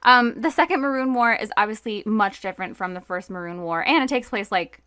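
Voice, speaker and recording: A woman co-hosts a conversational history podcast, reading from her notes casually and then riffing with fillers and asides. Her medium-pitched voice is fairly quick, pushed and bright, and smooth, with no room sound.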